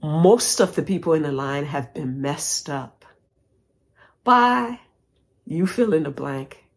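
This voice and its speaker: A woman telling a personal story to an audience in a slow, deliberate way, acting out the dialogue and climbing higher in pitch as the tension builds. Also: expressive. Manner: dramatic, acts out dialogue, rising pitch as tension grows.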